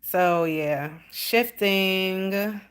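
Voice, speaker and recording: A woman's voice: mid-range voice, extremely slow, clear, resonant tone. A woman chatting on a livestream, rambling and swearing freely as she tells stories. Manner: rambling, profane storytelling with lots of "like". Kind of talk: casual livestream chat.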